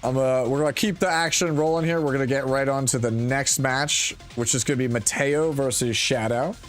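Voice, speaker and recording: A young man hosting and casting a game tournament in a relaxed, friendly, slangy way. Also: mid-range voice, brisk, soft background music. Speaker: tournament host and caster. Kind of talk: live tournament game commentary.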